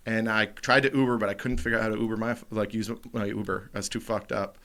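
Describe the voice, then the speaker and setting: A man co-hosting a comedy podcast, telling a wild story in a loud, animated, profane way. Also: medium pitch, brisk. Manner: animated, profane, acts out quotes loudly. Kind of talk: casual storytelling chat.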